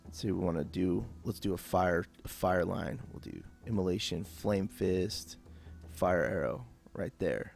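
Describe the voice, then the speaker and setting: Man, somewhat low voice, casual unscripted game tutorial, rambling, filler-heavy, desktop mic. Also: unhurried, gravelly, few pauses, darkish tone, soft background music. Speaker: gameplay tutorial host.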